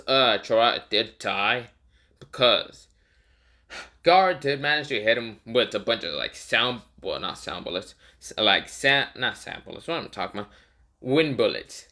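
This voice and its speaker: A man's voice: mid-range voice, bright, forceful tone. A man casually narrating a made-up fan story, rambling and correcting himself often. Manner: rambling, many fillers, self-correcting.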